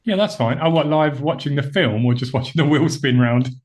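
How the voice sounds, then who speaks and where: A man hosting a horror film podcast in relaxed, chuckling banter with his co-host over a call. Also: fairly high pitch, fairly quick. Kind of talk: casual podcast chat.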